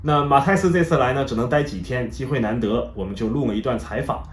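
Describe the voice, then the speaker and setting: A man's voice: mid-range voice, fast. Man narrating and interviewing, echoey room. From China. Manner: lively storyteller, voices quoted people. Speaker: host and interviewer. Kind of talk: storytelling narration then casual interview.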